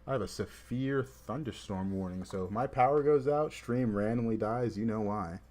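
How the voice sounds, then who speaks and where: A man from the southern US, with a Southern accent, chats casually while livestreaming a game, peppering his commentary with "like." His voice is lowish and mellow, and he talks at a normal speed.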